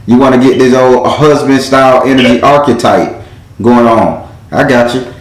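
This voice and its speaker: Blunt, profane male card reader, mid pitch, echoey room. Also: normal speed. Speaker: tarot reader. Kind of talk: live spiritual card reading.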